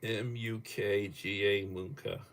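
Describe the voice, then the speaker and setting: This livestream host is a middle-aged man with a steady, slightly bright voice on the low side. He takes it slow, chuckling while he reads out topics sent in by viewers.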